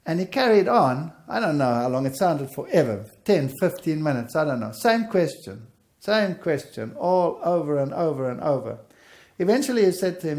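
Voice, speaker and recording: Man, fairly high voice, gravelly, animated storyteller, faith testimony. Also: normal speed. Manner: animated, acts out the dialogue in his story. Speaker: guest sharing a faith testimony.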